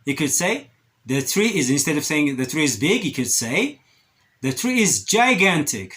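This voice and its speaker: A quick-talking man gives an English vocabulary lesson. His fairly high voice rises and falls a lot as he stresses each example word. He slows right down to repeat the words, then speeds up again to explain them. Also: sing-song, fairly bright tone. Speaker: English teacher. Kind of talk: vocabulary lesson, switching between English and Amharic.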